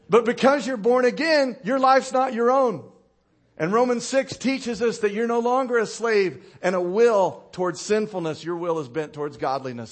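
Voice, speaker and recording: This is a male pastor giving a sermon: he tells stories with animation and laughs at his own anecdotes. To land a point he drops low and quiet, and he asks the congregation for responses.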